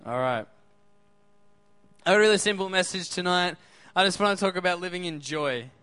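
A man's voice: sits high, expressive, normal speed, bright, forceful tone, smooth, dry recording. A man preaching a sermon in an upbeat way, often asking the crowd questions.

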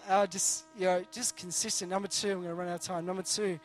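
A man's voice: sits high, little pitch movement, a little fast, faint music behind. A man preaching a conversational sermon, earnest and jokey, often restarting his sentences.

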